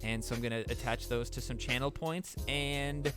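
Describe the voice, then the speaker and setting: A young man streaming games in casual chat, excitable and profane, often breaking into disbelieving exclamations. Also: mid-range voice, normal speed, over music. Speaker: gaming streamer.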